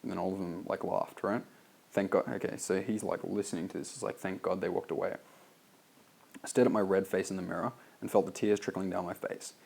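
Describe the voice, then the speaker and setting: A man's voice: low-pitched, steady tone, quick pace, creaky, darkish tone, breathy edge. An Australian man reading his own sales copy aloud and critiquing it in a loose, casual way, full of "like" and swearing. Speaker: copywriter reviewing a sales letter.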